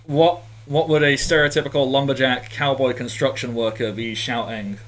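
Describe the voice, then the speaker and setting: A man's voice: mid-range voice, steady tone, moderate pace, a bit bright. A man narrating a tabletop game as game master, in a casual, rambling way with frequent fillers.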